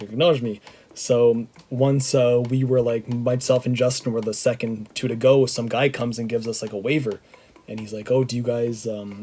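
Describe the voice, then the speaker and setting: A young man from Canada, a vlogger, telling a rambling, excitable story to camera, full of fillers and restarts. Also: medium pitch, a little hiss or hum.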